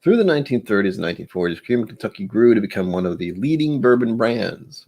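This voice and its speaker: Rambling low-voiced man tasting whiskey. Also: creaky, darkish tone. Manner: rambling, chatty, self-deprecating; stumbles when reading aloud. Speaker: whiskey channel host. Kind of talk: casual tasting vlog.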